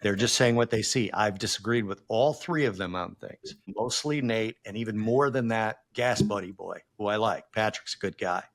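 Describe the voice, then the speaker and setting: A man's voice: lowish voice, normal speed, hardly any pauses. A man co-hosting a podcast, blunt and emphatic in casual chat. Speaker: podcast co-host.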